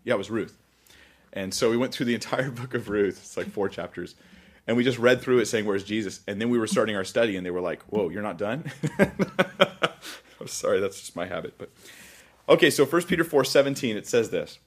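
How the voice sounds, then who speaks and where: A pastor with a somewhat low voice leads a Bible study in a loose, talkative way. He jokes at his own expense and laughs often as he goes through the passage. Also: quick pace. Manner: chatty, self-deprecating, laughs often. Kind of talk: conversational Bible teaching.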